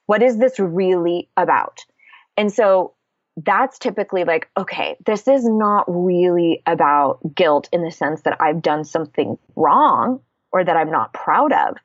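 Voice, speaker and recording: A woman's voice: lowish voice, animated, measured pace, no echo, highs cut off. A woman coach talking candidly and casually in a podcast interview, swearing freely as she explains her method. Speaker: guest, confidence coach.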